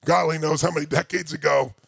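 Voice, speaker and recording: An older man giving a workshop talk to a live audience, telling a personal story with lots of energy and shouting out repeated phrases. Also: on the high side, fairly even intonation, fast talker, creaky, slightly rough, dry recording. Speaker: motivational speaker.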